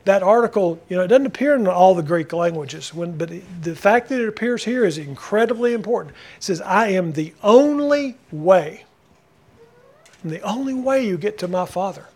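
Pastor guy preaching, fairly high voice, hammers his points home and keeps asking the church questions. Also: lively intonation, brisk, hardly any pauses, a little mellow. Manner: emphatic, repeating key phrases, asks the congregation questions. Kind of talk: sermon.

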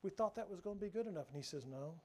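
Earnest male preacher with a mellow voice. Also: high voice, lively intonation, racing, breathy edge. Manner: earnest, rising and dropping to near whisper. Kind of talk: sermon.

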